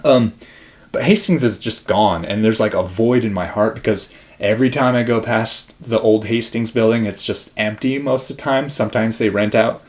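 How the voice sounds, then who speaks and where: A man's voice: lowish voice, moderate pace. Rambling, breathless young man vlogging. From Spokane area, US Pacific Northwest. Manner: rambling, self-interrupting, chatty. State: slightly out of breath. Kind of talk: casual rambling vlog.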